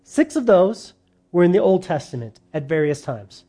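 A man preaching a sermon to his church, animated and rising loud on his points. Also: sits high, normal speed, breathy edge. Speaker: pastor.

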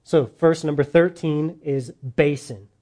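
A man preaching a sermon to his church, animated and rising loud on his points. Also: a little high, unhurried. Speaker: pastor.

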